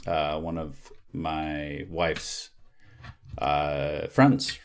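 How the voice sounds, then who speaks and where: A man's voice: very deep voice, level tone, extremely slow, clear, resonant tone. A man hosting a podcast, telling a story in casual chat that rambles with fillers. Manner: rambling, lots of filler words and restarts. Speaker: podcast host.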